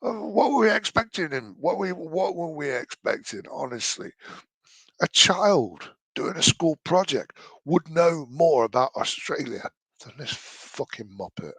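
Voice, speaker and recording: A man's voice: on the high side, very animated, unhurried, fairly bright tone, slightly rough, no echo. A man giving mocking, exasperated reaction commentary on a video, swearing freely.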